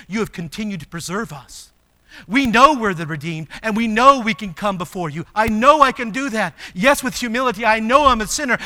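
High, bright-voiced preaching man. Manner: emphatic, swings from quiet to loud. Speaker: pastor. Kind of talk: sermon.

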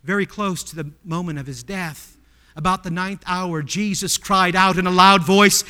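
A male pastor preaching a sermon, asking the congregation rhetorical questions and swinging from hushed tones to loud cries. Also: high voice, moderate pace, big-room sound.

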